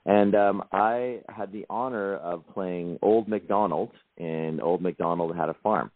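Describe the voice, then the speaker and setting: A Canadian actor calls in to a radio interview over a tinny phone line, his low voice unhurried. As the guest, he answers in an easygoing, reflective way, with many fillers.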